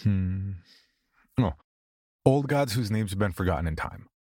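A man's voice: low-pitched, expressive, unhurried, dark tone, no room sound, studio quality. A man narrating a first-person horror story as a scripted monologue, with a wry, sardonic, offhand conversational delivery.

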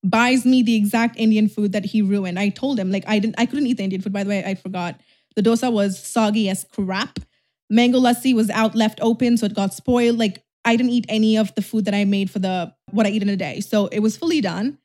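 A young woman influencer telling a storytime vlog, chatty and animated, with lots of "like". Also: medium pitch, fairly quick.

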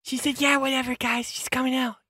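A woman's voice: high voice, flat delivery, brisk, pushed and bright, a little hiss or hum. A woman improvising in a comedy show, talking hesitantly with many ums. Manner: hesitant, fidgety, lots of ums. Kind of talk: improvised comedy role-play.

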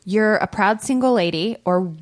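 Woman, podcast co-host, casual chatty delivery, filler-heavy, mid-pitched. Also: moderate pace. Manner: chatty, lots of "like". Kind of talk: casual chat.

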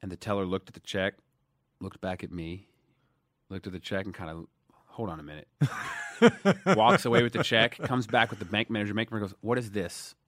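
A man in his thirties from Dallas, telling stories in a casual interview, animated, swinging between loud emphasis and quiet asides. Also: on the low side, fast talker, no room sound, clean studio sound. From Dallas, USA. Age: 30s. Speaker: guest.

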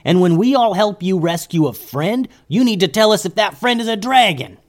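A man's voice: mid-range voice, lively intonation, normal speed, a little mellow, lightly acted. A man voicing a stern, precise ninja leader in a children's story, lecturing in a raised, bossy voice.

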